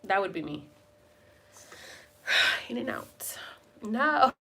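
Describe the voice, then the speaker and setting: A woman's voice: mid-range voice, big pitch swings, extremely slow, bright, forceful tone, slightly rough. A young woman live-streaming at home, chatting with viewers in a rambling, casual way and swearing now and then. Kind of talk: casual chat.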